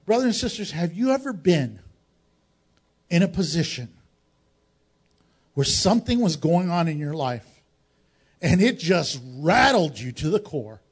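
High-voiced dramatic male preacher. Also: sing-song, measured pace, long pauses, husky. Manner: dramatic, swings between raised exclamations and hushed low tones; asks the congregation rhetorical questions. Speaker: pastor. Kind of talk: sermon.

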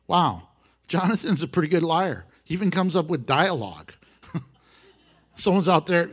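A man's voice: on the high side, lively intonation, normal speed, long pauses. A male pastor teaching verse by verse through a Bible passage, in a conversational way with wry asides.

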